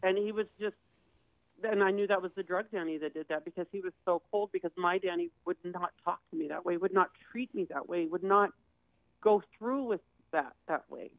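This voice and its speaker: A woman's voice: lowish voice, fairly quick, dry recording. A woman telling a dramatic personal story, acting out the voices of the people in it. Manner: vivid, acts out quoted dialogue. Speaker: guest sharing her story. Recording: tinny phone-like dry sound.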